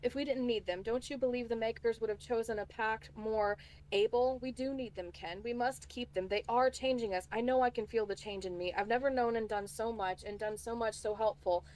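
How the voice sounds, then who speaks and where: A woman's voice: a little high, steady tone, fairly quick, a little mellow, close to an everyday voice, low-quality recording. A woman voicing an earnest young fantasy heroine, reading a formal, pleading speech from a book aloud.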